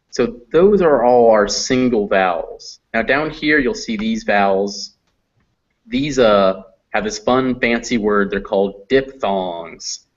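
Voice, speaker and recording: A man teaching a phonetics class, patiently explaining sounds and drawing out example words. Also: on the low side. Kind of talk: classroom lesson. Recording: dull lo-fi recording.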